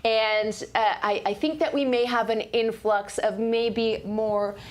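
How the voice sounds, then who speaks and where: A woman's voice: a little high, fairly even intonation, measured pace. A woman co-hosting a casual live tabletop gaming stream, chatty and playful. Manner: chatty, reads chat aloud, playful. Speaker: co-host.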